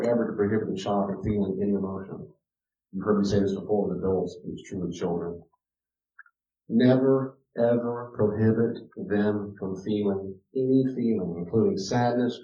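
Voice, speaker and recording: Male speaker, mellow timbre, emphatic teaching delivery, distant dull room recording. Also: lowish voice. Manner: emphatic, repeats key words, addresses listeners directly. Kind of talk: teaching talk to an audience. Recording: roomy, distant, dull lo-fi sound.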